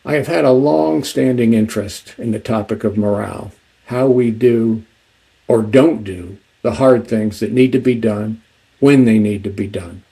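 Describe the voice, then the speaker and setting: Male author, measured delivery, dark gravelly voice. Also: lowish voice, poor audio. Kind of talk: book talk with reading.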